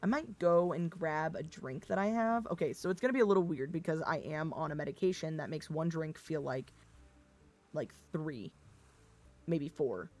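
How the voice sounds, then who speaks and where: Low-voiced woman streamer, swearing, rambling. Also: normal speed, soft background music. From Midwestern US. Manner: rambling, swearing, laughing often; expressive, slightly Valley Girl tinge. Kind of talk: casual livestream chat.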